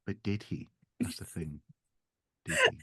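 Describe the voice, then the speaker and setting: A man's voice: sits low, wildly swooping pitch, unhurried, sharp tone, slightly rough, no room sound. A man as a guest in a casual chat, joking dryly and often trailing off. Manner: dry joking, trailing off, hesitant restarts. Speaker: guest archaeologist.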